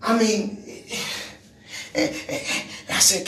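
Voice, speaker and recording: A man's voice: high-pitched, a little slow, a bit bright, echoey room, far from the mic. A man telling a personal testimony, repeating words and restarting his sentences, building to emphatic moments. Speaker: speaker giving a personal testimony. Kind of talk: testimony storytelling.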